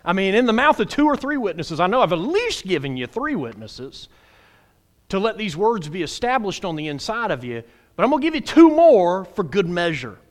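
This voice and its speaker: A man preaches in a high, lively voice. He is folksy and playful, dropping to a hush one moment and shouting the next. His talk leaps all over his range. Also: moderate pace. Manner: animated, swings from hushed to shouting. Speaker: pastor. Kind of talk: sermon.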